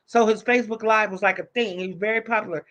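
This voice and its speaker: A woman's voice: medium pitch, fairly even intonation, fast talker, fairly bright tone. A woman live streamer telling a story in casual, profane talk, acting out the voices of the people she quotes.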